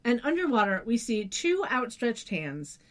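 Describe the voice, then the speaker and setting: A woman with a high voice co-hosting a podcast in a casual, conversational way. She narrates scenes and drops in sarcastic opinions. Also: sing-song, unhurried. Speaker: podcast co-host. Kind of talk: casual recap chat.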